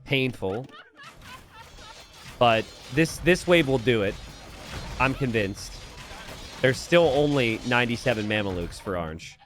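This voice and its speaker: A man's voice: mid-range voice, a little slow, long pauses, soft background music. A man casting a strategy game live, chatting with viewers, laughing often and reading their messages aloud. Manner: animated, laughs often, talks to chat directly. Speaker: streamer and game caster. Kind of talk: live commentary while reading chat.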